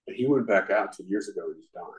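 A man's voice: sits low, fast talker, poor audio. A man giving candid personal testimony at a recovery meeting, self-deprecating and peppered with "you know". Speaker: speaker sharing at a recovery meeting.

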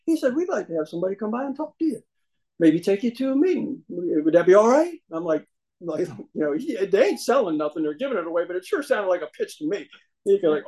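A man tells his life story to a meeting audience. His voice sits a little above the usual male pitch. He talks in a folksy, humorous way and acts out the voices of the people he quotes. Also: a little mellow, low-quality recording. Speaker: speaker sharing his recovery story.

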